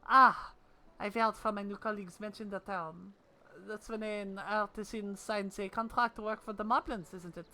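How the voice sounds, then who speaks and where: A woman voicing a polite, earnest young goldsmith woman in a put-on British accent, with a formal and gentle delivery. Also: mid-range voice, steady tone, moderate pace, poor audio. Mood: curious.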